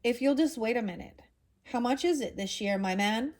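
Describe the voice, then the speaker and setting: A woman's voice: a little high, normal speed, a little mellow, pitched above the performer's own voice, close to an everyday voice. A woman reading aloud as an absent-minded old male professor, cheerful and rambling.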